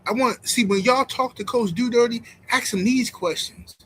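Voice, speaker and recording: A man with a fairly high voice hosts a boxing reaction stream. He talks bluntly and mockingly straight to his viewers. A faint noise sits under his voice. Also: normal speed, a bit bright, low-quality recording. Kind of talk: casual live-stream commentary.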